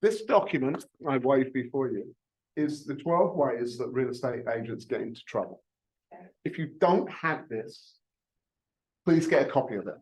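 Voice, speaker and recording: A man's voice: medium pitch, animated, moderate pace, a little mellow, low-quality recording. A man in his fifties, a real estate broker giving a jokey, self-mocking training talk to a live audience, often restarting his words.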